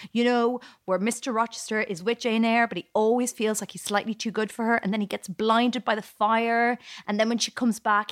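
A woman's voice: fairly high pitch, no echo, studio quality. A woman comedian co-hosting a podcast, delivering sarcastic scripted jokes and laughing often. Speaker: comedian co-host. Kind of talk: scripted comic podcast narration.

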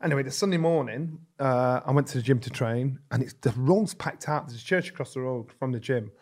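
A middle-aged man, a former boxer telling stories as a podcast guest, lively and swearing freely as he acts out what others said. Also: mid-range voice, fairly quick. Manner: animated, acts out quoted speech, swears freely. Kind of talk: conversational storytelling.

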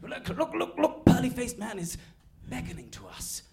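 Brief: man playing a stammery, excitable explorer, high and lively voice, audience in the room. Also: moderate pace, gravelly, heavily acted. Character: bumbling male explorer Samson, eager.

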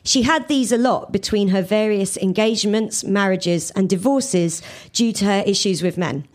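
A woman comedian reads her own comic fan fiction to a live audience, in an animated, giggly way. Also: mid-range voice, moderate pace.

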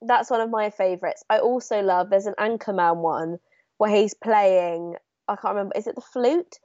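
A woman's voice: medium pitch, moderate pace, dry recording. A woman co-hosting a podcast, telling stories with enthusiasm. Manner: enthusiastic, animated storytelling. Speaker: podcast co-host. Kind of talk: casual chat. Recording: dry, dull remote line.

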